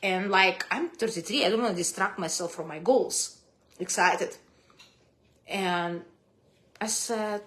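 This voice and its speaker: Animated woman with a Russian accent. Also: measured pace, pauses often. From Kazakhstan. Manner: animated, big swings in pitch and loudness, non-native grammar. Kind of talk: casual personal storytelling to camera.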